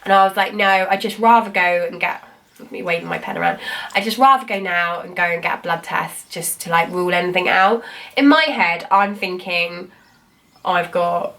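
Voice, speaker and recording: A woman's voice: medium pitch, fairly bright tone, far from the mic. A woman, telling her own story in a rambling, chatty way, full of "like" and "I was like". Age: 20s. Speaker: vlogger. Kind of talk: casual personal storytelling.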